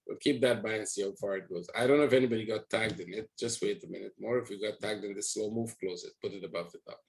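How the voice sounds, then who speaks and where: A man with a somewhat low voice leads a live trading session, talking viewers through his charts. He rambles a little as he thinks aloud. He keeps checking in with his audience as he goes. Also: fast talker, creaky, low-quality recording. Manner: rambling, talks to viewers with frequent "right?". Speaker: trading educator.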